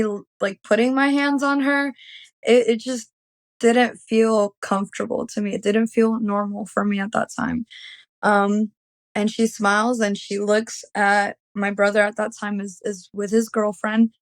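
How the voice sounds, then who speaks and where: A woman's voice: on the high side, dry recording. A young woman telling an emotional personal story as an interview guest, rambling with many fillers.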